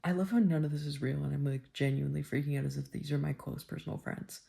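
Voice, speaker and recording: A woman book vlogger reading a novel aloud and reacting excitedly, often dropping into a whisper. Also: low voice, fast talker, vocal fry.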